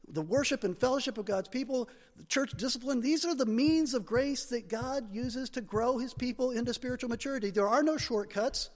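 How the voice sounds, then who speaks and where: A male pastor preaching a sermon in a church, animated and building to emphatic peaks. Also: very high-pitched, big-room sound.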